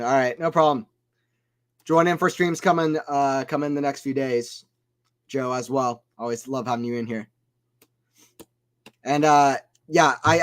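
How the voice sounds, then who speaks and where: A man giving casual play-by-play commentary on a tennis watchalong stream, chatting with viewers between points and getting loud on big shots. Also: medium pitch. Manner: chatty, reads chat aloud between points.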